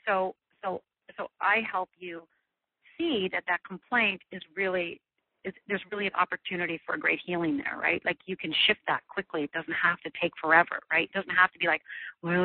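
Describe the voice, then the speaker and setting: A woman's voice: fairly low pitch, dry recording. Earnest woman teaching over a phone line. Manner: earnest, repeats "right?" often. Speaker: guest teacher on fear. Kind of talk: teleclass talk. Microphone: telephone.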